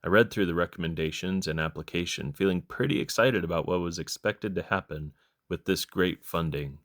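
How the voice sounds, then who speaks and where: A young man narrating a history vlog in a dry, deadpan style. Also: low-pitched, a little fast. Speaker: history vlogger.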